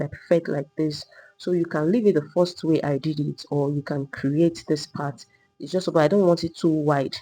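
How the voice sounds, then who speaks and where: A woman teaching a step-by-step sewing tutorial, calmly talking through each move while she drafts and cuts a pattern. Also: deep voice, breathy edge, low-quality recording. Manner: patient, repetitive demonstrating, talking while working. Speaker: sewing instructor.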